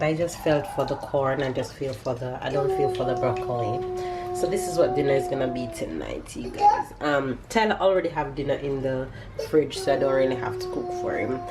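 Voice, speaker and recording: Low-voiced Jamaican woman vlogging. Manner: chatty, animated, loud cheering bursts. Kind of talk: casual vlog talk to camera.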